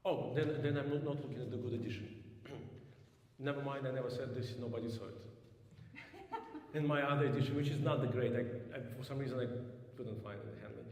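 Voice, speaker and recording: A man coaching a piano student in a master class, thoughtful, clearing his throat often and singing phrases to show them. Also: medium pitch, steady tone, fast talker, darkish tone, very echoey, long reverb tail.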